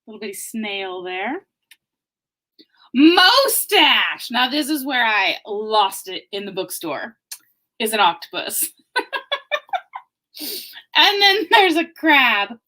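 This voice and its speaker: A woman's voice: a little high, very animated, slow pace, pauses often, bright, forceful tone. A woman in her forties hosting a children's story time, reading a picture book aloud in a playful, giggly way.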